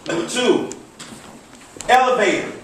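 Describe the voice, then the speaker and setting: High-voiced man preaching in an echoey hall. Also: takes it slowly, recorded from a distance, a little hiss or hum. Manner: commanding call-and-response, repetitive. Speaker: motivational speaker. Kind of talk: motivational speech. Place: large hall before an audience.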